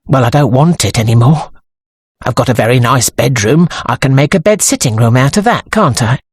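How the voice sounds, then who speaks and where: A woman with an English accent voicing a brisk, matter-of-fact woman dressmaker in an audiobook, talking in a dry, businesslike manner. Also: extremely low pitch, expressive, husky, no room sound, exaggerated voice. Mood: resolute. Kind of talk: audiobook character voice.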